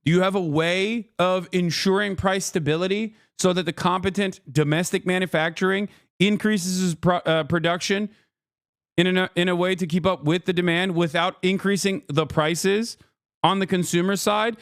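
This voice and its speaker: A man's voice: high-pitched, fairly even intonation, moderate pace, no echo, studio quality. A man streaming, ranting in exasperated political commentary, sarcastic and swearing freely.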